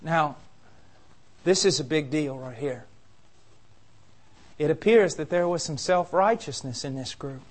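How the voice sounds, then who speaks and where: A man delivers a sermon in a fairly high voice. He preaches with fervor, swelling into loud, urgent peaks and sinking into hushed, intense warnings. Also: measured pace, long pauses. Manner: impassioned, swings from loud urgency to quiet intensity.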